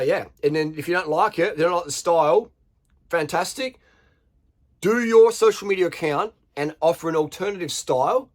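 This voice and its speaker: An Australian man ranting bluntly to camera, swearing freely and firing rhetorical questions at his viewers. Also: on the high side. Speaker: vlogger. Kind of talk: unscripted rant to camera.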